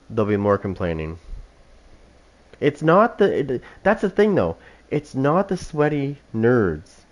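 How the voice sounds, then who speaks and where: A man streaming a game live, commentating with brash, foul-mouthed trash talk. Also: on the low side. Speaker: streamer playing a killer.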